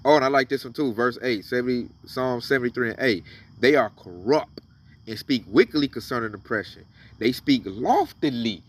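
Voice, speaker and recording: A man's voice: medium pitch, expressive, normal speed, far from the mic. A man giving casual, emphatic commentary on scripture, reading verses aloud and then riffing on them. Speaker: religious commentator.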